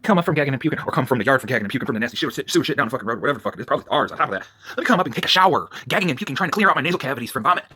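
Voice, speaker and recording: Fast, furious profane man ranting. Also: medium pitch, animated, slightly rough. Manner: profane, agitated, swings between shouting and muttering. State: worked up. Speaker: vlogger. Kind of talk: angry ranting vlog.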